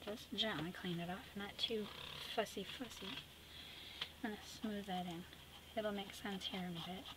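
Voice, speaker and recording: A middle-aged woman hosting an art tutorial, chatty and teasing, narrating as she paints and dropping into soft whispered asides. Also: mid-range voice, steady tone, moderate pace, heavy background noise.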